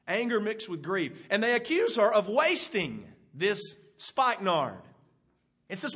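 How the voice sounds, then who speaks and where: A man preaching a sermon, animated, with emphatic bursts and rhetorical questions to the congregation, with a husky voice. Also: high-pitched, normal speed.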